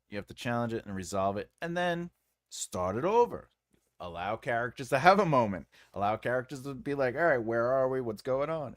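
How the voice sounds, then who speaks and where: Animated man giving writing advice. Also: medium pitch, dry recording, clean studio sound. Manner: animated, jokey, trails off into mumbles. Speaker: writing coach and livestream host. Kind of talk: casual livestream teaching on writing.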